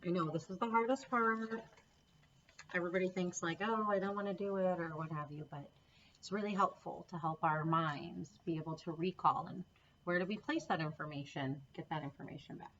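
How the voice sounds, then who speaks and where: A woman's voice: fairly low pitch, moderate pace, a bit bright, lo-fi sound, slight background noise. A woman teaching a recorded phonics lesson to children, patient and encouraging, spelling out letter sounds one by one. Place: home classroom setup with a board.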